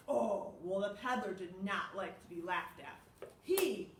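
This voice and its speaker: A children's librarian with a medium-pitched voice reads aloud at a measured pace during storytime, animated and gasping as she asks her young listeners questions. The recording picks up background noise and has her far from the mic in an echoey room.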